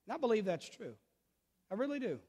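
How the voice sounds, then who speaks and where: A middle-aged man and pastor preaching a sermon, switching between loud, urgent emphasis and quiet storytelling, repeating phrases and speaking straight to his listeners. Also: sits high, very animated, a little fast, slightly rough. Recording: long reverb of a large hall.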